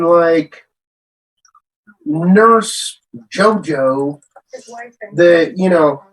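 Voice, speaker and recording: A man's voice: high-pitched, breathy edge, low-quality recording. A man who works as a computer repair tech, talking in an emphatic, rambling casual rant that repeats itself.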